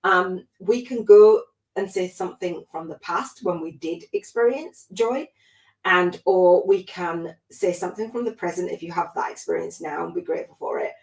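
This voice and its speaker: A spiritual life coach hosts a livestream, her voice on the low side and at normal speed in an echoey room. She gushes emotionally as she motivates viewers, laughing often and coming close to tears.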